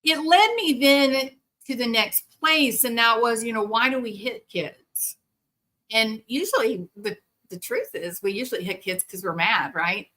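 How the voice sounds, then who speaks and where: A woman, a therapist hosting a podcast, talking in an earnest, animated way and acting out the people she quotes. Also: on the high side, measured pace. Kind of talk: conversational monologue.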